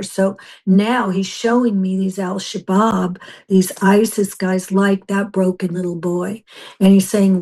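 Older woman, missionary guest, fervent testimony, narrow pitch range. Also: warm tone. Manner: intense, fervent storytelling with restarts. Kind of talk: emotional personal testimony.

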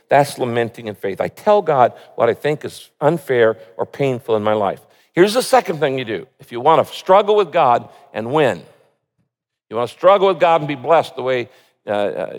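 A man's voice: medium pitch, expressive, normal speed. A man preaching a sermon, earnestly reading scripture and pleading prayers aloud with rising emphasis. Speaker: pastor. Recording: long hall reverb.

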